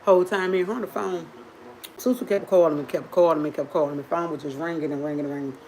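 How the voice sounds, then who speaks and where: Woman chatting on a live stream, lowish voice, laughs a lot, sips coffee while she talks. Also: fast, slight background noise, low-quality recording. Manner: animated, laughs often, talks to viewers; drinks coffee while talking. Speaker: livestream host. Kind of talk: casual storytelling to viewers.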